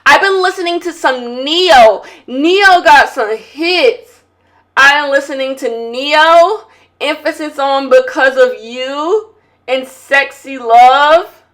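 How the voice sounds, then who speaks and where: A woman with a high-pitched voice hosts a casual podcast chat at a slow pace while doing her makeup. She's candid and full of slangy banter, swinging from loud, excited bursts to quiet murmured asides.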